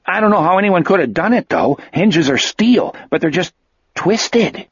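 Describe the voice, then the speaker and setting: A man's voice: high voice, lively intonation, moderate pace, breathy edge, no echo, voice pushed up. A man doing a puzzled, musing cop. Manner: wondering, musing. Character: puzzled male cop examining a door. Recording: dull, dry lo-fi audio.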